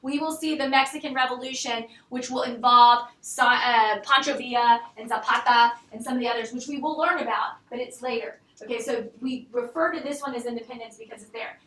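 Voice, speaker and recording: A woman's voice: a little high, a little fast, few pauses, fairly bright tone. A woman teacher giving a history lecture in a classroom, chatty and joking with her students as she asks them questions. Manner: chatty, jokes and laughs with students. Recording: echoey classroom from far off.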